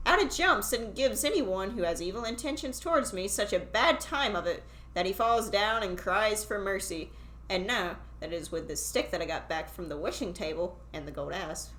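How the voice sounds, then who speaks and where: A woman's voice: medium pitch, a bit bright, close to an everyday voice. A woman voicing a confident young man in a fairy tale reading, firm and declaring. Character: young male craftsman, confident and stern.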